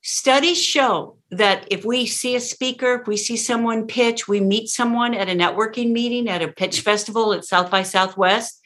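A woman's voice: on the high side, normal speed, hardly any pauses, fairly bright tone. A woman speaking coach talking in a conversation, emphatic and demonstrative, acting out how lines should be delivered.

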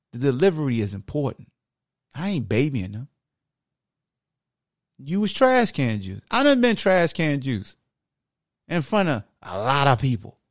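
Gravelly-voiced man preaching on a podcast. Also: medium pitch, no echo, studio quality. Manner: animated, preachy, talks straight to listeners. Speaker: podcast host. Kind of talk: casual sports podcast monologue.

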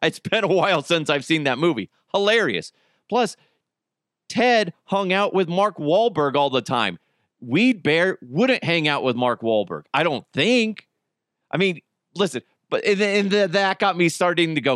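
A man's voice: a little high, expressive, unhurried, fairly bright tone, no room sound, studio quality. A man hosting a casual solo podcast, rambling and joking, swearing freely. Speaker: podcast host.

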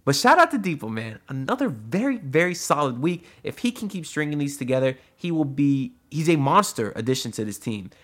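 A man's voice: mid-range voice, fairly bright tone. A man hosting his own audio sports podcast, talking loosely and chattily with lots of asides and "uh"s. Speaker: solo sports podcast host. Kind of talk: casual podcast commentary. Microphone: audio-only podcast mic.

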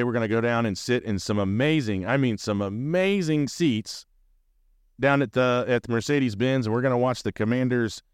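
Fired-up sports fan rambling on air. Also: male voice, medium pitch, clean tone, no echo, clean studio sound. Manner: animated, rambling, swears freely. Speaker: podcast host. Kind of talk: casual sports fan talk.

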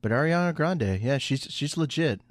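A man's voice: a little high, expressive, moderate pace, dry recording, clean studio sound. A man in his thirties co-hosting a casual podcast, firing off sarcastic retorts. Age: 30s.

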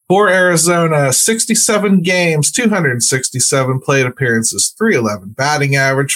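A man's voice: on the high side, a bit bright. A man hosting a sports podcast in casual, joking conversation, laughing often as he talks. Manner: chatty and joking, laughs easily. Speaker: podcast host.

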